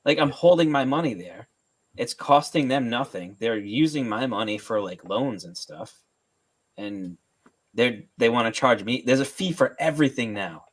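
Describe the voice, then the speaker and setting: A man's voice: medium pitch, animated, moderate pace. A man co-hosting a podcast, complaining in an exasperated way during casual chat. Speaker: podcast co-host.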